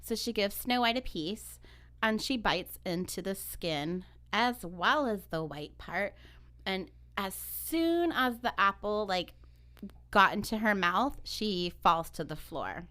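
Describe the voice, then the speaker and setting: A woman on a podcast retells an old fairy tale in a relaxed, chatty way. Her voice is bright and forward. She keeps the story moving with easy, animated asides. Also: mid-range voice. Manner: animated, quick to agree and laugh. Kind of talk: casual storytelling chat.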